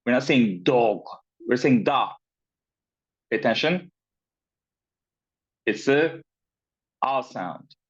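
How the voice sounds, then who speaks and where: Male pronunciation teacher, slow and patient, filler-heavy, lo-fi video-call sound. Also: medium pitch, lively intonation, slightly rough. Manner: slow, with many fillers and repeated words, checking in with "right?". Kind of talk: online class lesson. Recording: dull, lo-fi sound.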